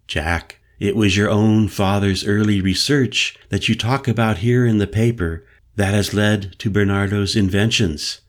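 An earnest, determined Mayan shaman woman, voiced by a male audiobook narrator. She speaks slowly and insistently in a lowish register. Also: lightly acted. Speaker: spiritual guide.

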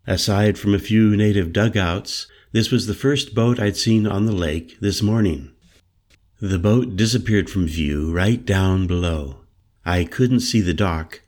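A man narrating a first-person story as an audiobook, in a calm, descriptive manner. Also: deep voice.

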